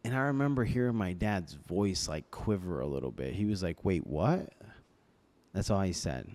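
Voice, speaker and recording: Low-voiced young man telling his story. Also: expressive, a little fast, darkish tone. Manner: hesitant, many fillers and restarts, quoting others. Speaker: podcast guest. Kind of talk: casual storytelling interview. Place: podcast studio. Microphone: podcast microphone.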